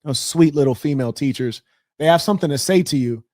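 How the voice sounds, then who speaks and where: A man's voice: on the high side, quick pace, a little mellow, no room sound, studio quality. A man hosting a casual livestream, talking loosely with slang and mocking asides. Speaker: livestream host.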